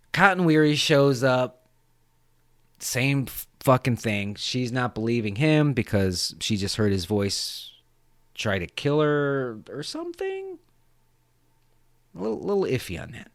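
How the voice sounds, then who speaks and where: Give me a man who hosts a podcast, casually recapping a movie with profanity and lively pitch. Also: no echo. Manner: animated, profane, rambling. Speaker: podcast host.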